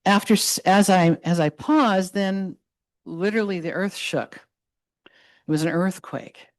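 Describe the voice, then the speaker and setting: A woman's voice: lowish voice, no echo. Earnest, passionate woman speaking to a community. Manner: earnest, halting restarts, rising to loud passion. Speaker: guest speaker. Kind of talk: impassioned public address.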